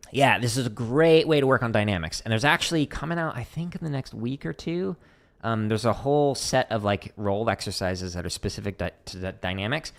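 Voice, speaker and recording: A man's voice: on the low side, vocal fry. Chatty man explaining drum strokes. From Arizona, USA. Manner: relaxed, chatty, many fillers, counts strokes aloud. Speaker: drum teacher streaming Q&A. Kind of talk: casual livestream teaching.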